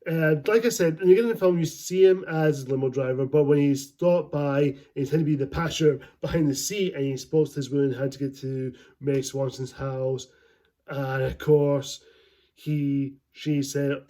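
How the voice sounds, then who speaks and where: Guy rambling through a movie review, a bit high-pitched, keeps laughing, mellow tone. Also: moderate pace. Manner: rambling, enthusiastic, laughs often.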